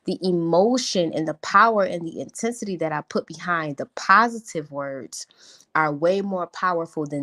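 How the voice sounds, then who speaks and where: Animated woman coach on a live stream. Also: on the low side. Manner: animated, emphatic, stretches positive words. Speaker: life coach.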